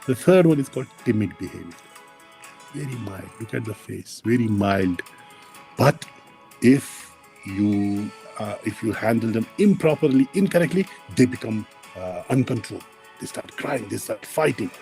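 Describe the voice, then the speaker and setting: A man lecturing dental students, explaining plainly with many pauses and fillers and addressing the class directly. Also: on the low side, expressive, gravelly, darkish tone, faint music behind. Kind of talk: university lecture.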